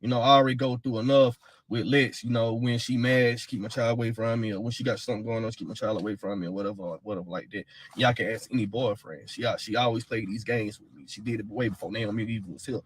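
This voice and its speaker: Here the missing woman's child's father talks quickly in a lowish, slightly rough voice with fairly even intonation. His casual first-person telling is heated and blunt, full of swearing and repetition.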